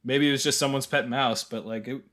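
A man with an ordinary mid-range voice, co-hosting a film podcast. He delivers dry, deadpan jokes and trails into hesitant restarts as he gathers his thoughts. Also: medium pitch, brisk. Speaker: podcast co-host. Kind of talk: casual film review chat.

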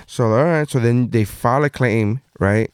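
A man's voice: mid-range voice, moderate pace, clear, resonant tone, dry recording, studio quality. A man telling a long story in casual chat, swearing constantly and voicing the people in it. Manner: profane animated storytelling.

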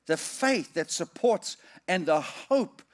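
Middle-aged guy preaching a sermon, kinda high voice, really animated, leans hard on the scripture bits. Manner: animated preaching with lively swings in pitch and volume; reads scripture slowly and emphatically.

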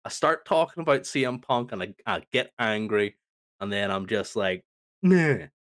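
An exasperated man on a podcast, ranting with a mocking edge. His pitch swings widely as he talks, rising and falling sharply. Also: expressive, normal speed, a bit bright. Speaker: podcast co-host. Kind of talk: heated opinion rant.

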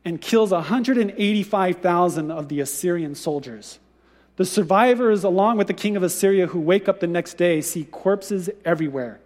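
A pastor with a high, light voice delivers a sermon, telling the story in a lively, conversational manner. His voice rings out with a long reverb, as in a large church sanctuary. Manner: storytelling, animated retelling with conversational asides.

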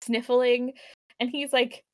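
A woman's voice: a little high, flat delivery, slow, dry recording, studio quality. A woman chatting casually on a podcast, recapping a TV episode in a rambling, giggly way and acting out the characters' lines. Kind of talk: casual chat.

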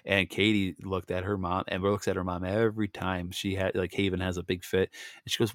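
Lively storytelling podcast host man. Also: low-pitched, a little fast, no echo, studio quality. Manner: animated storyteller, laughs often, acts out dialogue. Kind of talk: casual chat.

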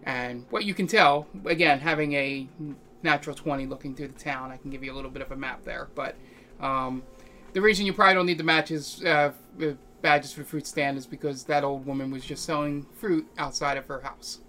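A man narrating as game master of a tabletop game, rambling with many pauses and fillers. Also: on the high side, pushed and bright, slight background noise. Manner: rambling, lots of ums and pauses.

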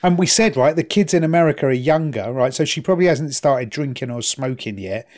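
A man's voice: medium pitch, expressive, fairly quick, darkish tone. A man in casual chat, explaining at length and often asking "right?" for agreement. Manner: chatty, explaining, asks for agreement.

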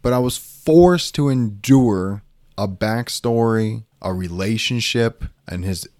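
A man's voice: on the low side, slow pace, no echo, studio quality. A young man co-hosting a podcast, chatting casually and bluntly about a movie, often acting out what people say. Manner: blunt, animated, acts out quoted voices. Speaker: podcast co-host. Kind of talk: casual movie-review chat.

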